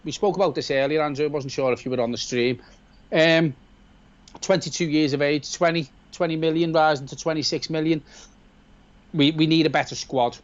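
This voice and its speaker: A man's voice: fairly high pitch, steady tone, brisk, lo-fi sound. A man with a Scouse accent co-hosting a live football watch-along, reading viewer comments aloud and answering them bluntly in casual chat. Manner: reads chat messages aloud in a blunt matter-of-fact way.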